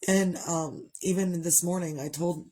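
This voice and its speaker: A woman's voice: lowish voice, fairly even intonation, measured pace, mellow. A middle-aged woman chatting candidly to her viewers, rambling and open about her grief. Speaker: vlogger. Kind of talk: casual chat.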